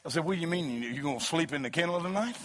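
A middle-aged man preaching a sermon, rising into loud shouted passages and then telling joking stories about his family and dog. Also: on the high side, lively intonation, rapid-fire, background noise. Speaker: pastor. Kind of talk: sermon with humorous storytelling.

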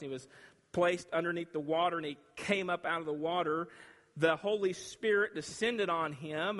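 A man preaching a sermon, emphatic and dramatic, with long pauses between phrases. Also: fairly high pitch, fairly bright tone. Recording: reverberant hall.

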